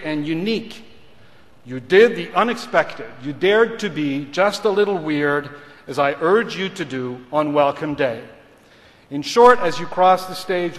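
A middle-aged man, a law school dean, giving a formal graduation speech in a measured, rhetorical manner, moving between English and French. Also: on the high side, fairly bright tone. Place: large ceremony hall. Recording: reverberant hall.

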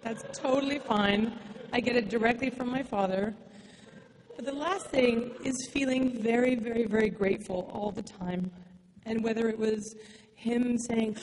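A woman's voice: a little high, fairly even intonation, normal speed, a little mellow. A woman speaking at her father's memorial, near tears, dramatic and joking at her own expense. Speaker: daughter giving a eulogy. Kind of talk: memorial speech with self-mocking humor. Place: large hall with long reverb. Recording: echoey hall, faint room noise.

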